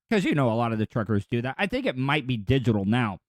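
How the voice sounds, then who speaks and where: A man's voice: mid-range voice, big pitch swings, fast talker, hardly any pauses, no echo, clean studio sound. A man hosting a podcast, riffing crude jokes over news clips in a rambling, offhand way. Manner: rambling, crude joking asides. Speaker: podcast host. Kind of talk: comedic news commentary.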